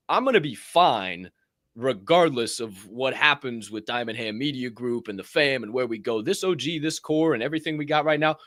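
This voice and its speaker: A man hosting a live show, talking loosely and swearing a lot. His voice sits at an ordinary pitch, and the recording is dry and close with no room sound. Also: no room sound. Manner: profane, animated, acts out quoted voices. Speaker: podcast host. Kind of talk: casual live-show chat.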